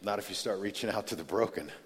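Low-voiced male preacher in a reverberant hall. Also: fast talker. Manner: conversational storytelling preaching, swings from loud to hushed. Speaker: pastor. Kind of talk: sermon. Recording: long reverb of a large hall.

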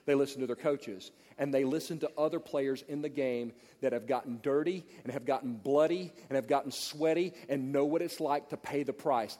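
A man's voice: medium pitch, moderate pace, few pauses. Blunt preacher man in a reverberant hall. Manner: blunt, animated storytelling. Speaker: pastor. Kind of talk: sermon to pastors. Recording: long reverb of a large hall.

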